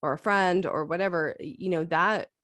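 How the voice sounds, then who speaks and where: A woman's voice: lowish voice, moderate pace, a bit bright, no echo, clean studio sound. A woman co-hosting a casual talk, speaking in a thoughtful, candid way. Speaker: co-host. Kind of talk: casual chat.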